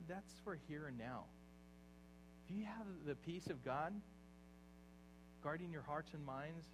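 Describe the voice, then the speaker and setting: A man preaching a sermon, dropping to quiet, low asides and then rising into loud exhortation. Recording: faint mains hum behind.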